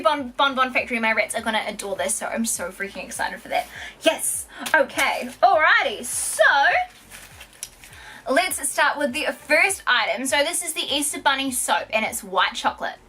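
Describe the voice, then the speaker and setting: High, bright, gushing young woman vlogger. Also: a little hiss or hum. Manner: gushing, giggly, keeps exclaiming. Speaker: vlogger unboxing products. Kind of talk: excited unboxing vlog.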